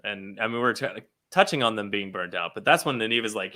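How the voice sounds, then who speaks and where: A man co-hosting a casual podcast, swinging his pitch up and down as he talks. His voice is bright and forward, and his delivery is animated and profane, with frequent laughs. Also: brisk. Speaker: podcast co-host.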